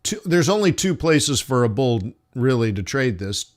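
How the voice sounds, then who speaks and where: Here his voice is medium-pitched and sing-song. He ponders his forex charts slowly during a live trading stream, chatting with his audience and calling them "guys."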